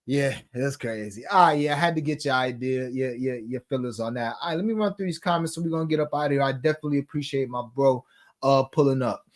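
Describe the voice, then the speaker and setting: A man's voice: mid-range voice, fast. A man hosting a sports betting talk show, chatting casually in slang and reading viewer comments aloud.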